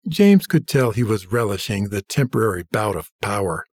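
A man reading a story aloud in steady scripted narration, shifting his voice for the characters' lines. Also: lowish voice, normal speed, few pauses, husky, dry recording, clean studio sound. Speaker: audiobook narrator.

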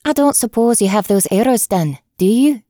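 A woman doing a breathy Irish huntress. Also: fairly high pitch, animated, normal speed, warm tone, dry recording, studio quality, voice pushed up. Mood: cheery. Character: eager female hunter with light breathy voice.

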